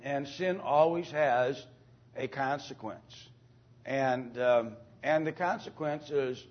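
A man teaching an informal Bible lesson to a class, speaking haltingly with many fillers, restarts and throat-clearing, and often asking the class questions. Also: fairly high pitch. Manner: asks the class questions and calls on students. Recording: dull lo-fi recording.

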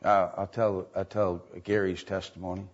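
A man's voice: deep voice, flat delivery, normal speed. A man preaching as a pastor, repeating lines and asking the congregation rhetorical questions, on a dull lo-fi recording. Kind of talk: sermon.

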